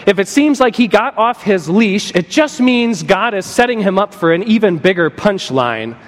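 A man preaching an animated sermon as a pastor, playful and joking, acting out little voices as he tells the story. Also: high-pitched. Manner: playful, acts out voices and jokes. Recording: long hall reverb.

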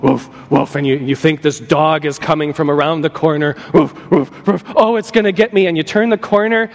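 A man preaching an animated sermon as a pastor, playful and joking, acting out little voices as he tells the story. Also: high voice. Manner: playful, acts out voices and jokes. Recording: long hall reverb.

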